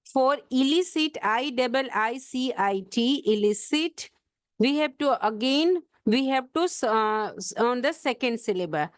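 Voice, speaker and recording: A woman with a high voice teaches an exam-prep English vocabulary lesson. She spells words out letter by letter and slows right down to show the stress in each word. The sound is dry and close, with no room echo. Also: lively intonation.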